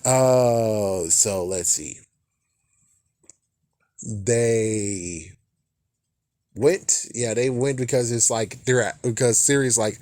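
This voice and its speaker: A man's voice: fairly low pitch, unhurried, darkish tone, dry recording, clean studio sound. A young man recapping a movie in a loose, rambling way, swearing freely and restarting his sentences. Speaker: movie reviewer.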